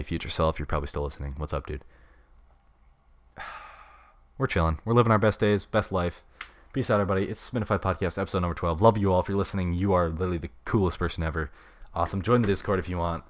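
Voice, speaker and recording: Low-voiced young man, rambling podcast chat. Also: fairly even intonation, fast talker, dry recording. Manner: rambling, laid-back slang. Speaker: podcast host. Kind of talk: unscripted solo podcast chat. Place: home room. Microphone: studio mic with pop filter.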